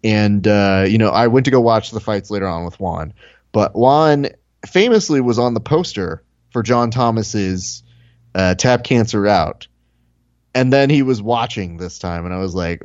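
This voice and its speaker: Male podcast co-host, lively storyteller who mimics people; slightly dull lo-fi sound, dry close mic. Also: fairly low pitch, measured pace, no room sound. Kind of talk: casual podcast chat.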